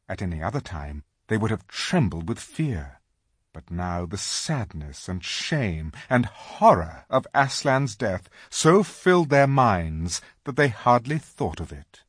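A man narrating a children's storybook aloud, slow and dramatic in his reading. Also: lowish voice, a bit bright, breathy edge, no room sound, clean studio sound. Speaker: audiobook reader.

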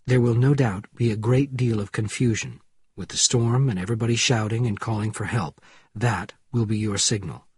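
A man doing a curt, husky killer nurse. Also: lowish voice, normal speed, dry recording. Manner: curt and businesslike. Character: cold, commanding female nurse and killer.

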